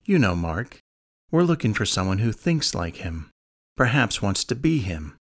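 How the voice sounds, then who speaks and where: A man's voice: on the low side, very animated, a little slow. A man reading as a blunt, guarded investigator. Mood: persuasive. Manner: blunt, probing questions. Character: guarded adult male investigator. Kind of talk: audiobook character reading.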